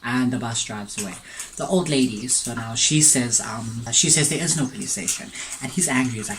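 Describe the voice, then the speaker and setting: A chatty man tells a story while eating, tasting his food between sentences and wandering off into asides. His voice sits at an ordinary middle pitch. A faint steady noise runs behind him at home. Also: normal speed, rough recording. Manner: rambling, digressive, chatty. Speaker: mukbang vlogger.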